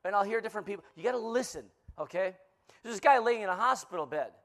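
A man in his fifties with a notably high-pitched voice preaches as a guest pastor. He fills his sermon with jokes and playful teasing of the congregation, telling stories with lively animation. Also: fast talker, vocal fry. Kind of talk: joke-filled sermon.

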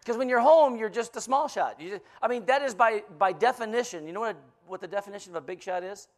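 A man in his fifties with a notably high-pitched voice preaches as a guest pastor. He fills his sermon with jokes and playful teasing of the congregation, telling stories with lively animation. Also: quick pace. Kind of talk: joke-filled sermon.

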